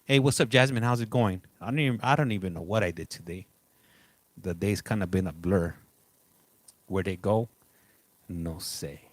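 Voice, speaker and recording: A man's voice: deep voice, gravelly, slightly rough. A middle-aged man hosting a casual live stream, chatting loosely and greeting viewers by name. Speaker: livestream host.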